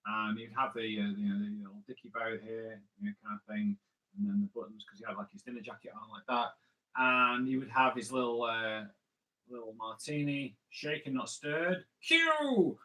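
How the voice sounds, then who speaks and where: A man's voice: on the low side, little pitch movement, fairly quick, pushed and bright, rough recording. A man hosting a live drawing stream, chatting playfully with viewers and thinking aloud as he draws. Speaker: comic artist host.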